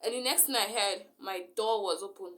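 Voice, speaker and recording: A woman's voice: mid-range voice, a little fast, a bit bright. A young woman, recounting a story in a rambling vlog style full of fillers. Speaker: vlogger.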